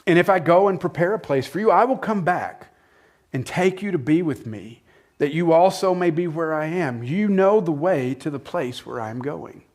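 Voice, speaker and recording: A man, the church's pastor, preaching a conversational sermon with rhetorical questions that swings between forceful emphasis and quiet, soft passages. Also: a little high, animated, normal speed.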